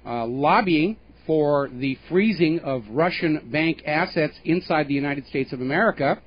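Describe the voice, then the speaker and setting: Emphatic male radio host, lo-fi sound. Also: fairly high pitch. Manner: emphatic, pointed, scornful asides. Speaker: radio talk show host. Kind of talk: opinionated political commentary. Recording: dull lo-fi radio broadcast.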